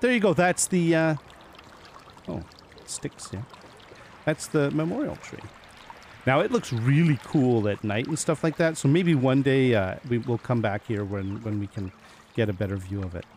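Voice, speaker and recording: A man's voice: mid-range voice, animated, moderate pace, a little mellow, slight background noise. A man giving casual gameplay commentary, chatting to the animals he meets and laughing often as he plays. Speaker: gaming video host.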